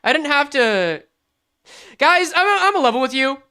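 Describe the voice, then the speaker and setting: Woman streamer, lively up-and-down voice, slightly high, casual and profane. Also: a little slow. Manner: animated, swears, reads game lines aloud. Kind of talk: casual game commentary.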